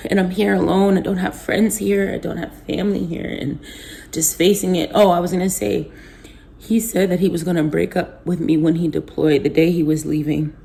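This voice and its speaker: A woman vlogging to her viewers, emotionally exhausted and close to tears, her talk halting and often dropping to a near whisper. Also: on the low side, little pitch movement, creaky, dark tone. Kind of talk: emotional personal vlog.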